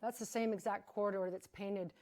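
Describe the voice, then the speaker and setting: A woman hosting a live charity broadcast, talking without notes in an emphatic, chatty, energetic way. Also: medium pitch, a little fast. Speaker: fundraising gala host. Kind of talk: live-broadcast fundraising appeal.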